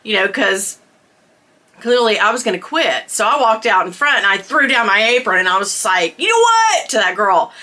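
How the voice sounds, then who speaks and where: Chatty middle-aged lady telling a story, bright tone, laughs a lot. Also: medium pitch, normal speed. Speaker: vlogger. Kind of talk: storytime chat.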